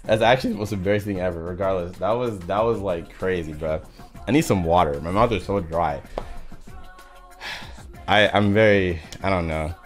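A man hosting a reaction video on his home setup, talking through a headset, hyped and breathless, his voice jumping high with excitement. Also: moderate pace, faint music behind.

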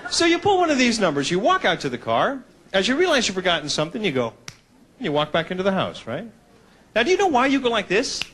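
A man performing stand-up with a high, very lively voice that swoops up and down as he acts out characters. He mocks himself as he goes, and the audience laughs along in the background. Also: quick pace, slightly rough. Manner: animated, self-mocking, acts out characters. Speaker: stand-up comedian. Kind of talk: stand-up comedy routine.

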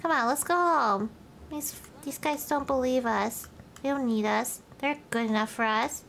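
A woman's voice: sits high, a little slow, gravelly, fairly bright tone, a little hiss or hum. A woman live-streaming a life-sim game, chatting to viewers and scolding the game characters, with playful swearing. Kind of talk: live gameplay commentary.

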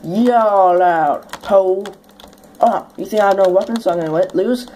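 A woman's voice: mid-range voice, measured pace, warm tone, slight background noise. A young woman hosting a gameplay video, chatting casually as she plays, swearing now and then and bursting into sudden shrieks when startled. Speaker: let's play host.

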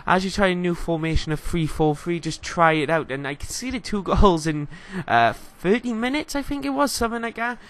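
A man's voice: high voice, expressive, normal speed, few pauses, fairly bright tone. A young man with a Welsh accent, giving a casual, rambling game commentary voice-over full of fillers. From Wales. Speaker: gaming YouTuber.

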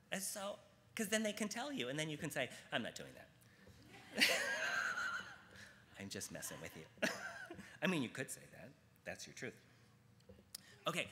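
A man's voice: on the high side, bright, forceful tone. A man teaching a spiritual gathering in a frank, irreverent, casual way, acting out the things people say. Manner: frank and irreverent, acts out quoted speech. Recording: long hall reverb.

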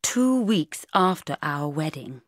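A woman's voice: sits low, very animated, slow pace, no echo, clean studio sound, heavily acted. Woman reading a stiff, hesitant grown man. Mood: earnest. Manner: hesitant, clipped, rather cross. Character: awkward, reserved grown man, stiff and earnest. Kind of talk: audiobook character reading.

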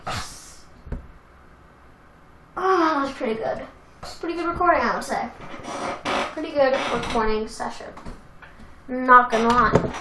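A young woman casually commenting on a racing game she plays, chatty and self-deprecating, with excitable outbursts. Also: high-pitched, unhurried, pauses often, background noise. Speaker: let's play gamer. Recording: echoey room with game music.

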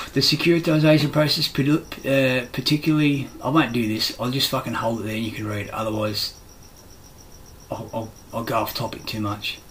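A middle-aged Australian man rants in a blunt, aggrieved monologue, swearing heavily as he rambles from point to point. His voice sits at an ordinary middle pitch. Crickets chirp faintly behind him with a light hiss of noise. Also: steady tone, normal speed, fairly bright tone, low-quality recording.

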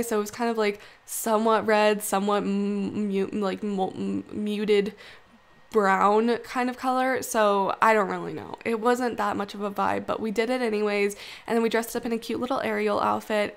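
Gravelly-voiced young woman rambling casually. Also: mid-range voice. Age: 20s. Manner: rambling, filler-heavy, self-deprecating. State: groggy morning voice. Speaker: video creator. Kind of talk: casual chat voice-over.

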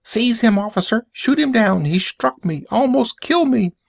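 A panicky, obese accuser from an audiobook story, shrieking in a high, piercing voice. His outbursts come in short, frantic yells. The sound is close and dry. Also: measured pace, creaky, no echo, exaggerated voice. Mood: enraged. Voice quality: high-pitched screech. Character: obese shrill male human accuser, hysterical.

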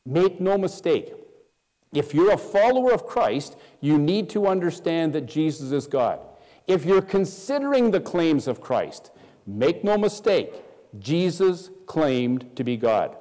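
A man preaching a sermon as pastor, emphatic, dropping soft and low to stress his points. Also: sing-song, measured pace, long reverb tail. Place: church.

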